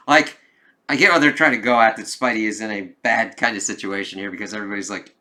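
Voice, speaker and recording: A man giving a casual, rambling review of a comic book, swearing often and acting out dialogue in lively voices. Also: lowish voice, fast talker. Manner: profane, rambling, with many "like" fillers.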